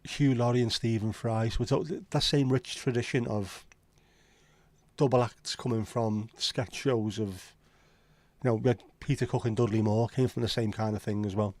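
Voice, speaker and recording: A man's voice: mid-range voice, steady tone, moderate pace, darkish tone, dry recording. A man with a Liverpool accent hosting a casual livestream chat, rambling and opinionated with frequent swearing. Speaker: livestream host.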